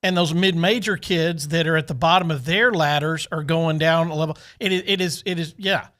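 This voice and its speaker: A man's voice: on the high side, brisk, pushed and bright. A man who used to coach junior college, explaining things step by step on sports radio and repeating words while he thinks. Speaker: guest analyst, former junior college coach.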